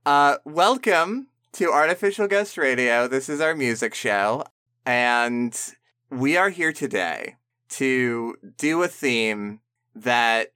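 A man's voice: medium pitch, expressive, takes it slowly, bright, forceful tone, smooth. A man hosting a music podcast in casual, jokey chat, often restarting his sentences. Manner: jokey, laughing, stammering restarts. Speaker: podcast host.

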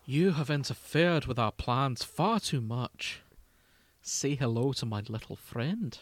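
A man's voice: medium pitch, expressive, slow pace, no echo. A man reading a scheming villainous woman space overlord aloud in a comic fan fiction reading, playful and near laughter. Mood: gloating.

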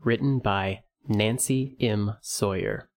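An audiobook narrator with a fairly low-pitched voice reads from a fantasy novel. His scripted delivery is measured and even, in a steady storytelling style.

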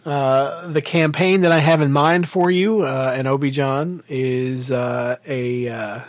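A man's voice: medium pitch, fairly even intonation, unhurried, no echo, highs cut off. A man co-hosting a casual podcast chat, rambling with many fillers and restarts as he plans a tabletop game. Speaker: podcast co-host and game master.

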